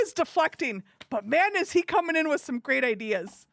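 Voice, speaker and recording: A woman live streamer chatting casually with her viewers in an animated, giggly way. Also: sits high, moderate pace, creaky, hardly any pauses, no echo.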